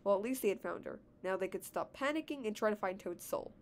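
A woman's voice: mid-range voice, expressive, fast, slight background noise. A teenage girl reading her own fan story aloud, giggling and commenting on her own reading. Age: teens.

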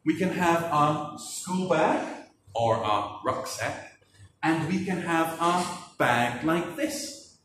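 A man teaching children English words, slowly enunciating and spelling letters out in a playful way, laughing and adding sound effects. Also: on the high side, lively intonation, a bit bright, slight background noise. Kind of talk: children's vocabulary and spelling lesson. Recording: echoey room, distant mic.

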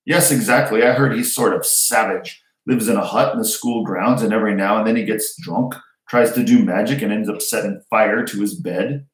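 A man's voice: fairly low pitch, normal speed, few pauses, close to an everyday voice. A man voicing a sneering, snobbish wizard schoolboy with a drawl. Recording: roomy echo.

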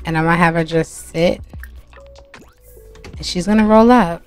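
A woman's voice: on the low side, normal speed. A woman hosting a gaming channel, chatting casually and laughing as she narrates gameplay to her viewers. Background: soft music.

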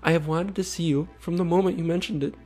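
A man doing a whiny, high-pitched needy creep. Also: steady tone, fast, a little mellow, soft background music, natural voice. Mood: pleading. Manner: whiny, pleading, mocking. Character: needy, pushy adult male online creep.

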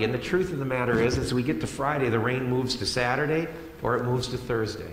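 A male pastor delivers a sermon in a plain, conversational way, circling back on phrases to press them home. His mid-pitched voice rings around a church sanctuary with a long reverb tail. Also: fairly quick, slight background noise. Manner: conversational, repeats phrases for emphasis. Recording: echoey hall with long reverb.

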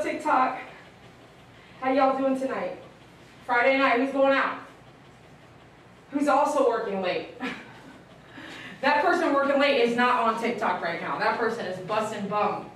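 A woman dog groomer who coaxes a dog softly and chats with viewers as she works. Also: on the high side, takes it slowly, long pauses, distant mic, slight background noise. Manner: soothing, coaxing talk to a dog, chatty asides to viewers. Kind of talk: livestreamed grooming with running commentary. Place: grooming room. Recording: echoey room, voice a bit off-mic.

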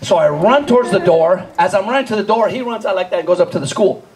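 A man doing live stand-up storytelling, animated, laughing often and acting out scenes while quizzing the crowd. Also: high voice, fast, rough recording. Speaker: stand-up comedian.

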